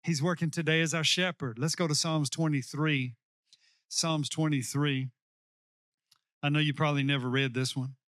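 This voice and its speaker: A male pastor preaching a sermon, slowing down to stress key lines and calling on the congregation to repeat after him. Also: on the high side, fairly even intonation, fairly bright tone, no room sound, studio quality. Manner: preaching with call-and-response to the congregation.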